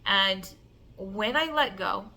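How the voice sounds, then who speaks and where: A woman telling an emotional personal story in an animated way, acting out the voices and filling her talk with "like". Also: medium pitch, slow. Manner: animated, acts out voices and cries, many "like" fillers. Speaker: self-love coach telling a personal story.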